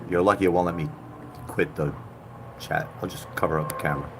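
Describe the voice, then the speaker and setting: A man in his thirties from Puerto Rico, chatting and joking with viewers on a live stream, jumping from loud outbursts to low mutters. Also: steady tone, brisk, heavy background noise. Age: 30s. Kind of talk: casual live-stream chat.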